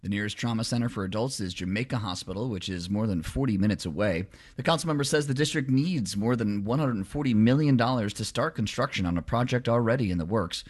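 A man with a fairly low voice reads the local news and the weather on radio. He moves along quickly, keeping the delivery conversational. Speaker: radio newscaster.

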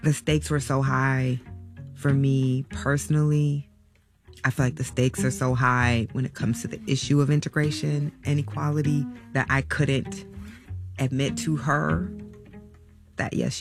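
Gravelly, reflective mother recalling hard choices. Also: a bass voice, fairly even intonation, over music. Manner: halting, reflective, soft-spoken. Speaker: interview guest, parent. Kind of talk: emotional personal recollection.

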